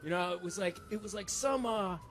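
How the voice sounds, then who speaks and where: A man's voice: high voice, brisk, noisy background. A man animatedly telling a story on a radio talk show and acting out the people in it. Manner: animated, acts out voices. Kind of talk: casual storytelling.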